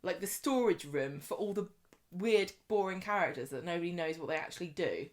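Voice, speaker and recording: A woman's voice: fairly low pitch, fairly quick. A woman co-hosting a podcast, recapping soap episodes in casual chat and laughing often. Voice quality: laughs often, animated storytelling. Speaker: podcast co-host.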